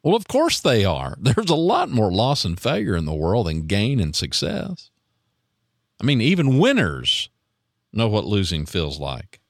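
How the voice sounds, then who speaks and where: Low-voiced man musing as podcast host. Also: wildly swooping pitch, measured pace, creaky, no echo, clean studio sound. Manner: rambling, self-deprecating, frequent restarts and chuckles. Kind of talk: casual reflective monologue.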